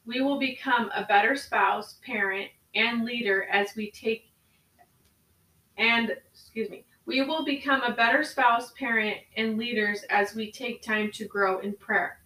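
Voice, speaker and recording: A woman with a bright, fairly high voice talks and prays with earnest conviction, circling back over her phrases as she goes. She sits a little away from the mic in a room that rings with echo. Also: fairly even intonation, unhurried, far from the mic. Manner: earnest, prayerful, repeats phrases. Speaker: podcast co-host. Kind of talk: spoken prayer and devotional talk.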